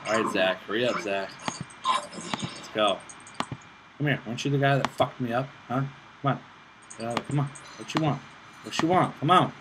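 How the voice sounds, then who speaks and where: A man chatting through a video game match as he plays, egging on teammates and grumbling at his own mistakes. His voice sits in a middle range and keeps flaring into loud, frustrated bursts. The home recording carries clear background noise and clicking. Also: medium pitch, moderate pace, long pauses. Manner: excitable, talks to himself and teammates, bursts of frustration. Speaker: gaming channel host. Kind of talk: casual gameplay commentary.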